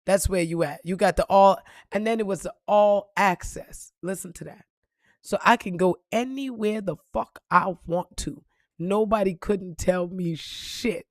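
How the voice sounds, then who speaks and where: A woman speaks to her followers in a casual motivational vlog, blunt and full of curses. Her voice sits in a middle register and sounds dry and close. She leans hard into loud, emphatic bursts, then drops to a soft, reflective tone. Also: mid-range voice, unhurried, dry recording. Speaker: spiritual reader and motivational vlogger.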